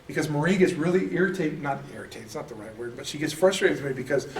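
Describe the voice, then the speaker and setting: A man's voice: a little high, animated, fast talker. Chatty man teaching in an echoey room. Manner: chatty, self-deprecating, laughs often. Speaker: Bible study teacher. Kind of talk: casual classroom teaching. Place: church classroom. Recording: echoey room, mic at a distance.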